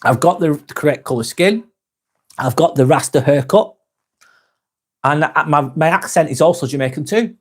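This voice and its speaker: A man's voice: a little high, normal speed. A man hosting a casual live stream, reading out chat comments in a rambling, sweary, sometimes sarcastic way.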